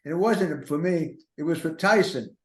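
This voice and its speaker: A man's voice: a little high, normal speed. An older man in his seventies hosting a podcast, rambling through comic stories full of self-mocking, neurotic asides. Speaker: podcast host. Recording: roomy echo.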